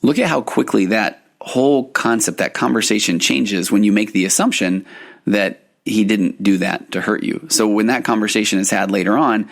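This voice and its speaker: A man's voice: fairly low pitch, normal speed, gravelly. A man who hosts a podcast and works as a couples therapist, explaining ideas in an earnest way and often restarting his phrases. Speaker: podcast host and marriage therapist. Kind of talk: solo podcast teaching.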